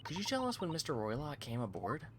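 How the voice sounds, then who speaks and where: A man's voice: on the high side, huge pitch swings, fast talker, background noise. A man reading the lines of a polite, earnest young male law student who hesitates and stumbles over his words.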